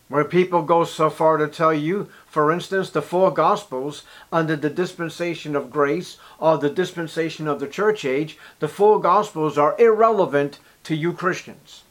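Emphatic male preacher, fairly high voice. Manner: emphatic preaching that swings between loud and hushed; reads scripture aloud. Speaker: pastor. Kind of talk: sermon.

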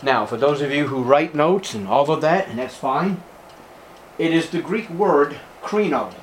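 A man's voice: a little high, lively intonation, a little slow, a little hiss or hum. A man preaching a sermon to his congregation as pastor, emphatic, repeating key words and calling his listeners beloved. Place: church service with congregation.

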